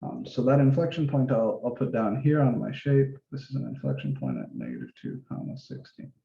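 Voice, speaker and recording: A male math instructor gives a casual office-hour lesson, thinking aloud while drawing, talking through each step and occasionally swearing mildly. His mid-range voice is creaky, a little fast, with wildly swooping pitch. The recording is roomy, dull and lo-fi.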